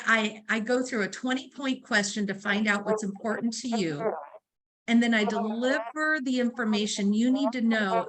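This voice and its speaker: A woman delivers a real estate training talk in a bright, somewhat high voice. She is conversational, leans on fillers, and brings her stories to life by voicing each side of the dialogue. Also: low-quality recording. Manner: storytelling, acts out dialogue; conversational, uses fillers like um and right.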